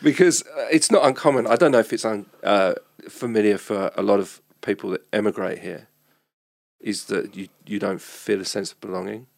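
A man's voice: on the low side, normal speed, gravelly, no room sound, studio quality. A man in a casual chat, telling a story with animation and laughing as he goes.

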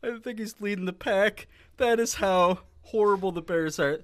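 Dry, bright-voiced male sports podcaster. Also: sits high, normal speed, no room sound. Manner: wry, deadpan delivery with bursts of laughter. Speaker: podcast co-host. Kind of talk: casual sports chat.

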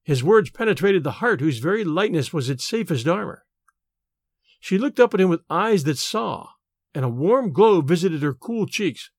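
Expressive man narrating an audiobook. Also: sits high, moderate pace, dry recording, clean studio sound. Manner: expressive, storytelling.

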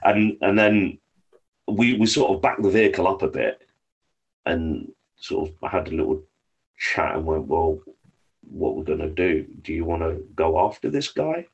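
Speaking in an unhurried, low voice that is gravelly and slightly rough, with the highs cut off, an English man from the UK tells hunting stories as a podcast guest. It's casual storytelling, lively and thick with swearing.

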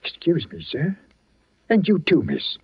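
A husky rustic greengrocer. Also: male voice, on the high side, huge pitch swings, a little slow, heavily acted. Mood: uneasy. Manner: deferential, folksy, says "sir" often. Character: nervous rustic male greengrocer and church caretaker. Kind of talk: 1940s radio acting. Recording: dull lo-fi old radio recording.

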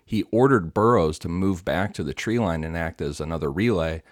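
A man's voice: low-pitched, normal speed, no echo, studio quality. A man hosting a podcast, retelling a story from notes with casual asides and fillers. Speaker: podcast host telling the story.

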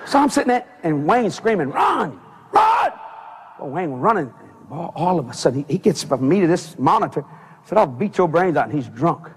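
A man preaching a sermon, telling a story with lots of energy and shouting out the voices he quotes. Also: on the high side, fairly quick, slightly rough. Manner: animated, shouting quoted voices, laughing along.

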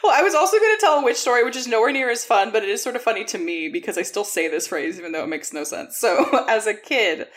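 A woman's voice: fairly high pitch, animated, quick pace, hardly any pauses. A woman co-hosting a podcast in a casual, chatty way, telling stories and laughing often; English is her second language. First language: not English. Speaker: podcast co-host. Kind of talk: casual chat.

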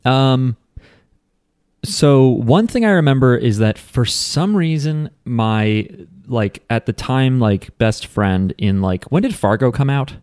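A man's voice: mid-range voice, lively intonation, takes it slowly, a little mellow, smooth, dry recording, studio quality. A man co-hosting a podcast in casual chat, telling rambling stories full of "like" and restarts. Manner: rambling storyteller, lots of "like" and restarts. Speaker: podcast co-host.

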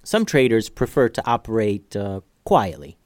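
A man's voice: lowish voice, sing-song, normal speed, no echo. A man voicing a cheerful young ninja in a storybook who loves telling puns. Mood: calm. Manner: upbeat, joking.

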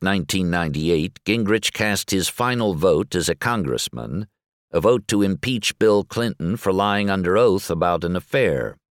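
A man narrating a magazine article in a measured, articulate reading voice. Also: low-pitched, a bit bright, no echo, clean studio sound.

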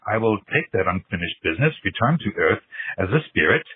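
A man's voice: fairly low pitch, sing-song, brisk, narrow, tinny audio. A male caller acting as the ghost of a famous late physicist, delivering mock-solemn threats over a phone voicemail. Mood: threatening. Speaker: podcast caller.

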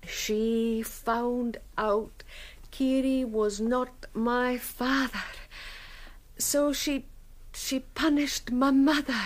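A fragile, simple-minded young woman in an old radio drama. She speaks very slowly and haltingly in a high, thin voice. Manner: slow, halting, breaks into terrified screaming. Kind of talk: 1970s radio drama acting.

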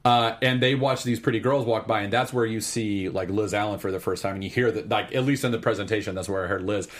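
A young man in casual chat, excitedly recapping a film scene by scene with lots of fillers and restarts. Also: fairly low pitch, fast talker. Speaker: podcast co-host.

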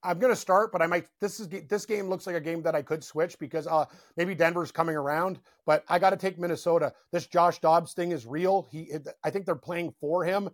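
A man with a notably high speaking voice talks sports picks as a co-host. He is excitable and laughs a lot, tumbling into quick rants. The sound is close and dry, with no room around it. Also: no echo. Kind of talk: casual sports betting chat.

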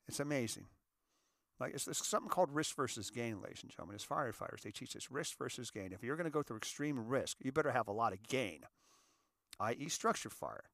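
A man's voice: medium pitch, big pitch swings, brisk, gravelly, long pauses, fairly bright tone, dry recording, studio quality. A middle-aged American man, a volunteer fire captain, giving an impassioned monologue that repeats key phrases and addresses the audience directly. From United States.

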